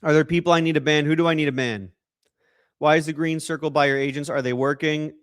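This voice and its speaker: A man's voice: fairly high pitch, steady tone, fast talker, clear, resonant tone. A young man hosting a casual livestream, joking and rambling as he reacts to chat messages and donations. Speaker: livestream host.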